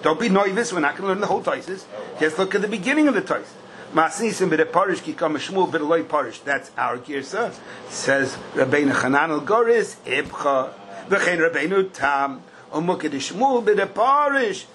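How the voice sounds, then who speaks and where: A man's voice: a little high, expressive, normal speed, fairly bright tone, rough recording. An older man leads a Talmud class in a slightly raised voice. He asks questions in a lilting singsong and hits key points with sudden bursts. A faint hiss sits under the recording. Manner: questioning singsong, bursts of emphasis, Yiddish-style Hebrew terms. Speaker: Talmud teacher.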